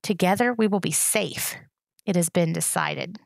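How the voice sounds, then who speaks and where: A woman's voice: lowish voice, unhurried, vocal fry, no echo. A woman reading aloud voices a cold, insistent young royal traitor in a storybook. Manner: cold, urgent.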